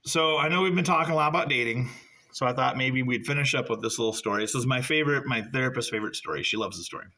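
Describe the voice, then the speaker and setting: Stand-up comic, middle-aged man, bright voice with a wide, bouncy pitch range. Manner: animated, jumps high when acting out dialogue. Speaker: stand-up comedian. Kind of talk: stand-up storytelling.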